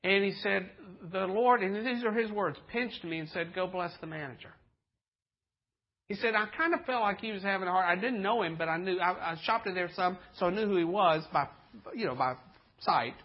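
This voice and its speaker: Husky high-voiced preacher man telling stories. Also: moderate pace, muffled recording. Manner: folksy and joking, acts out voices in stories. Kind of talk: storytelling sermon.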